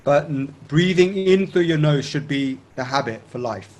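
A man teaching breathing techniques step by step, calmly checking in with his listener and chanting tones to demonstrate. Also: medium pitch, moderate pace. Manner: calm instructive, checks in with "okay?". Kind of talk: guided breathing instruction.

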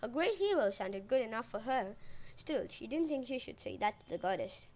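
A woman's voice: on the high side, sing-song, normal speed, darkish tone. A woman podcast host retelling a myth in a playful, wry way.

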